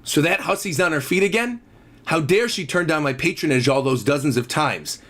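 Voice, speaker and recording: A man voicing a big, arrogant male cyborg villain who gloats in a slow, sneering way while reading a comic aloud. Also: fairly high pitch, lively intonation, a bit bright, pitched below the performer's own voice.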